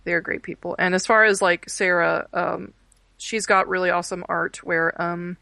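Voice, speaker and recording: A woman's voice: on the low side, fairly even intonation, moderate pace, vocal fry, bright, forceful tone, dry recording. A young woman, chatting casually and rambling through many fillers and restarts. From Texas. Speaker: podcast guest, art education student. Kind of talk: casual chat.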